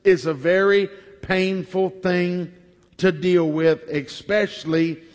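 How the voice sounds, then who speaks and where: A man preaching a sermon before communion, telling a story slowly and deliberately, with emphatic repetition. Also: high-pitched, steady tone. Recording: long hall reverb.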